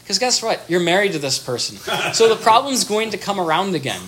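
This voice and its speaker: A therapist talks through everyday advice in a casual, animated way, with pitch that swings widely. Bits of imagined dialogue get acted out in different voices, and words often get repeated or restarted. Faint noise sits under the recording. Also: fairly quick. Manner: animated, acts out little dialogues in changing voices.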